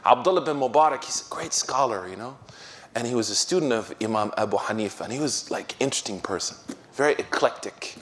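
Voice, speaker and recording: A middle-aged man giving a casual, laughter-filled talk as an imam, telling stories in relaxed, slangy speech. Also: medium pitch, fast talker. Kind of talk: casual sermon storytelling.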